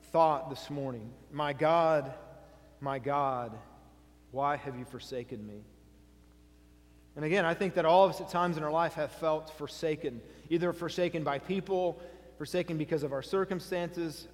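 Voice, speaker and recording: A male pastor preaching a sermon, earnestly asking his congregation questions and reading scripture aloud. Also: fairly high pitch. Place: church sanctuary. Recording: long hall reverb.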